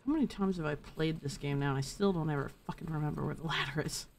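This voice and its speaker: A woman streaming a game in a lowish voice, keeping up loose, playful commentary. She swears freely and breaks off to talk with her chat. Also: fast talker, a little mellow, a little hiss or hum. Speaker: gaming streamer. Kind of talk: casual live gameplay commentary.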